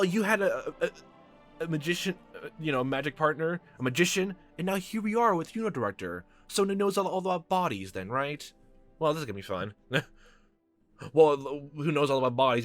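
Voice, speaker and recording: Man doing game commentary, joking, rambling, animated pitch, game music behind. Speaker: let's player.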